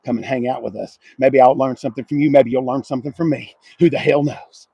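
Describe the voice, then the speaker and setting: A middle-aged man, hosting a casual walkaround car review at an outdoor car lot and mocking the cars he sees in loud, profane rants. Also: medium pitch, fairly even intonation, fast talker, creaky, slightly rough, no echo, rough recording.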